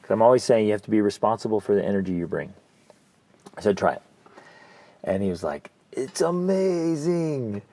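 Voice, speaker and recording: A man co-hosting a parenting podcast, telling coaching stories in an earnest, animated way and dropping to a soft, gentle tone. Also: lowish voice, fast talker, pauses often. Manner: earnest, animated storytelling, softens to near-whisper. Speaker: podcast co-host, family coach. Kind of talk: casual podcast chat.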